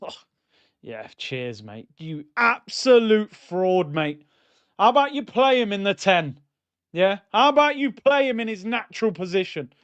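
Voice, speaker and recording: Male watchalong host, fired-up match banter, a bit high, slightly muffled dry mic. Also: normal speed, smooth, no room sound. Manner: excitable, banter-heavy, shouts at goals. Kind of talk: live match watchalong commentary.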